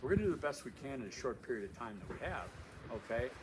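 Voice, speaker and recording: A very animated man with a medium-pitched voice talks fast as he introduces his class in a casual video from a windy outdoor overlook. He's an instructor who speaks emphatically, repeats key phrases and uses plenty of fillers, with wind noise in the background.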